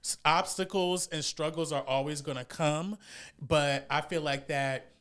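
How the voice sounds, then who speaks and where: A man in his thirties co-hosts a casual podcast in a voice pitched a little high. He is upbeat and teasing. He drops in quick interjections and pushes his co-host with questions. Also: fairly even intonation, fairly bright tone, clear, resonant tone. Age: 30s. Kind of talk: casual chat.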